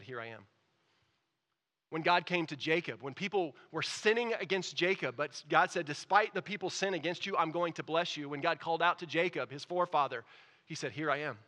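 A man preaching a sermon as pastor, reading scripture and explaining it, moving between quiet asides and loud emphatic peaks. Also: mid-range voice.

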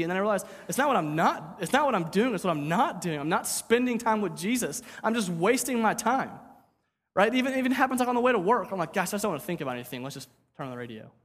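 A man's voice: high-pitched, a bit bright, in a large hall. A man preaching a sermon as pastor, talking casually, repeating words and asking "right?".

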